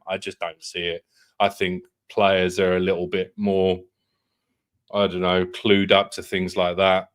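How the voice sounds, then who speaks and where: A man's voice: low voice, steady tone, a little slow. Chatty man on a football podcast. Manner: chatty, laughs often, swears casually. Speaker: co-host. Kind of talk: casual football podcast chat.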